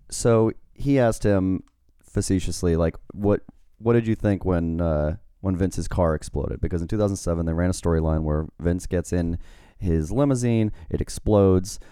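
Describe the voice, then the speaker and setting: Male podcast co-host, very deep and mellow, wry and laid-back, dry close sound. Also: clear, resonant tone, no echo. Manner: relaxed, wry storytelling with fillers. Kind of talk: casual podcast chat.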